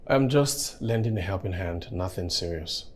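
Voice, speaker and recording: An actor with a Nigerian English accent playing a kind young man who helped a stranded woman. He speaks calmly and earnestly, and turns defensive when teased. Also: deep voice, moderate pace, a little hiss or hum.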